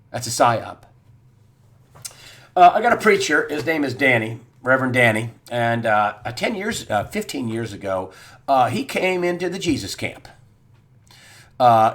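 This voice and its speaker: A middle-aged man delivering a solo political commentary with a middle-range voice. He talks emphatically and repeats himself. He fills pauses with "uh" and drops from loud bursts to quiet, low asides. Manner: emphatic, repetitive, many "uh" fillers, swings from loud to quiet. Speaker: host. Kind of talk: election commentary monologue.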